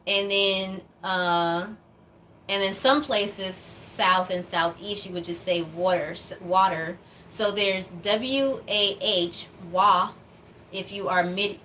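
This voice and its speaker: A woman's voice: medium pitch, a bit bright, a little hiss or hum. A woman vlogger from the United States chatting casually to her viewers, rambling with lots of fillers and little laughs. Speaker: doll customizing vlogger.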